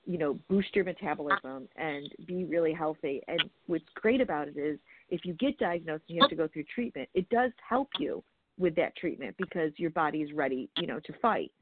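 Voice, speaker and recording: A woman's voice: low-pitched, animated, a little fast, background noise. A woman in her forties, a guest advocate, telling her story frankly and with animation in a podcast interview. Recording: phone-line audio.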